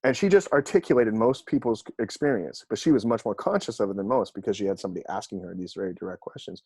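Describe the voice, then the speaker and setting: A man with a low, gravelly voice, a counselor who works with athletes, talking on a podcast. He tells stories with animation and acts out the dialogue. His voice is husky, recorded dry and close with no room sound. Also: animated, fast talker, darkish tone, no room sound. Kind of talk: conversational storytelling.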